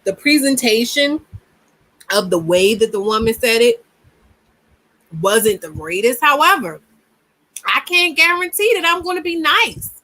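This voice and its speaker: A woman's voice: a little high, very animated, measured pace, pauses often, pushed and bright, low-quality recording. A woman hosting a casual commentary, reacting to a clip and reading comments aloud, emphatic and given to repeating words mid-thought.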